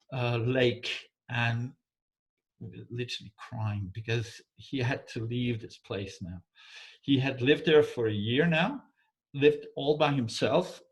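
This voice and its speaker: A man telling a folk tale in English, halting and repeating words, often checking in with his listener. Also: mid-range voice. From Denmark. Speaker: storyteller. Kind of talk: oral folk storytelling.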